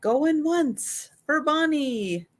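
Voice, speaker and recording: A woman's voice: high voice, animated, very slow. A woman hosting a live vintage sale, chatting casually and rambling with restarts. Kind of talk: casual live-stream chat.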